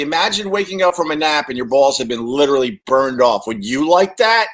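A man's voice: a little high, lively intonation, brisk, hardly any pauses, fairly bright tone. A man hosting a casual livestream, chatting to viewers and reading their comments, joking crudely and swearing often.

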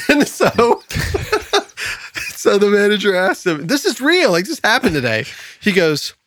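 Animated man telling stories. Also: high-pitched, measured pace, no room sound. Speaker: podcast host. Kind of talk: casual chat and joke telling.

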